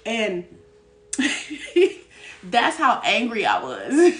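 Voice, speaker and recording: A frank, lively woman gives a live tarot reading with streetwise slang and frequent laughter. Her mid-pitched voice rings in a roomy, echoey space. She sits a little back from the mic. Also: normal speed, distant mic. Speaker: tarot reader. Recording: echoey room, voice a bit off-mic.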